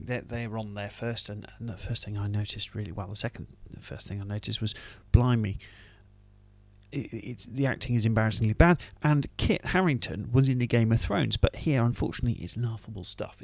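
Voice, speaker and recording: A man's voice: mid-range voice, a bit bright, no echo. A British man giving a wry, dismissive film review in a casual monologue. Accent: British English.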